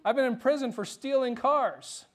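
A tough ex-con biker, all tattoos and grease, as a preacher puts him on, speaking flat and blunt. His voice sits fairly high for a man. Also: normal speed. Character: gruff ex-convict biker, grown man.

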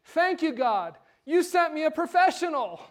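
A man's voice: high voice, animated, moderate pace, husky. A man voicing a stressed, tearful mother in a sermon story, speaking in an emotional, pleading way. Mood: overjoyed.

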